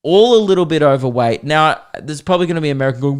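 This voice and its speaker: An Australian man hosting a podcast, telling a comic story in an animated, sweary, exasperated way. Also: a little high, quick pace, clean tone. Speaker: podcast host. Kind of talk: comedic storytelling.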